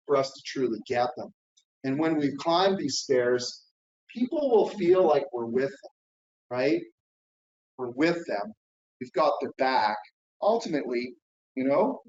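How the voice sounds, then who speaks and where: A middle-aged man speaks at a conference with a fairly high voice that rises and falls in a lively way. He talks in an encouraging coaching tone and keeps checking in with his audience. The sound is roomy and a little dull, as if recorded from the hall. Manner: lively, coaching tone, with frequent "right?" and "okay?" check-ins. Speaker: keynote speaker. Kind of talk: conference keynote talk.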